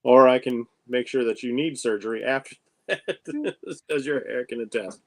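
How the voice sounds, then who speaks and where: A man's voice: medium pitch, moderate pace, no echo. A man playing a doctor in a tabletop game, joking with the table. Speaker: player. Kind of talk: casual tabletop game play.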